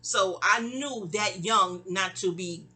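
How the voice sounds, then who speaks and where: A middle-aged woman telling a long, rambling personal story and acting out the people in it. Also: slow. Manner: animated, digressive, acts out quoted voices with sharp pitch jumps.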